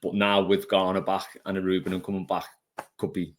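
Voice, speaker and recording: A man's voice: sits low, flat delivery, a little fast, a little hiss or hum. A man hosting a casual football podcast, reading out listener questions in a chatty, easygoing way.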